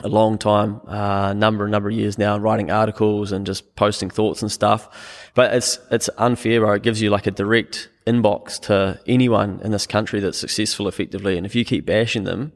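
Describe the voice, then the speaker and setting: A man's voice: fairly low pitch, flat delivery, moderate pace, few pauses, big-room sound. A man with a New Zealand accent, a podcast guest talking casually in a rambling, slangy way with lots of fillers. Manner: laid-back, slangy, rambling with many fillers. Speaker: podcast guest, business owner.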